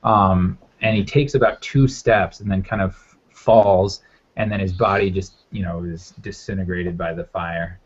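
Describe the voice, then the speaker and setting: A man's voice: deep voice, steady tone, a little slow, slightly rough. A man narrating as game master in a loose, rambling way with lots of fillers. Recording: muffled lo-fi audio.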